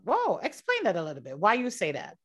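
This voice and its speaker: A woman with a mid-range voice co-hosts a relaxed conversation. She is lively and laughs easily, often asking follow-up questions. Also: medium pitch, a little fast, slightly rough. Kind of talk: casual chat.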